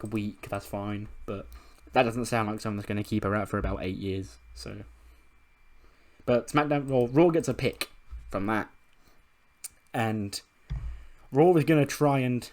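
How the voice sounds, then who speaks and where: Chill guy commentating his game run, casual, swears a lot, chuckles here and there, medium voice. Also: mid-range voice. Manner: casual, swears freely, laughs. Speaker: gaming video host.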